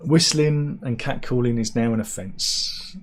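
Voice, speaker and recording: A man's voice: mid-range voice, measured pace. A man giving rambling, sarcastic comic commentary on news stories, with mock-serious asides. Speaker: satirical news vlogger.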